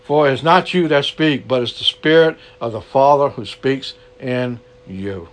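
A man's voice: mid-range voice, unhurried. A man preaching an earnest sermon to an online gathering, repeating his key lines and closing in prayer.

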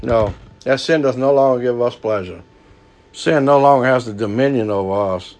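A man preaching a sermon, folksy and lively, swinging from hushed lows to loud highs. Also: normal speed.

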